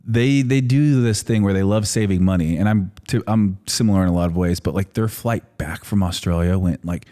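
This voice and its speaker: A man's voice: low voice, a little fast, few pauses, warm tone. Rambling, laughing man in his thirties. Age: 30s. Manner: rambling storytelling with many fillers and laughs. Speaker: podcast guest. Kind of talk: casual chat.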